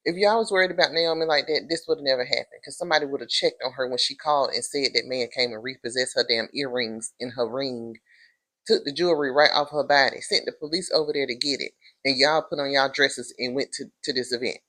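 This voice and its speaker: Sassy woman recapping a TV episode. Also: brisk. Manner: sassy and animated, jumping into high-pitched impressions of characters; calls the listener honey, girl and y'all. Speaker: TV episode reviewer. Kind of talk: casual recap chat.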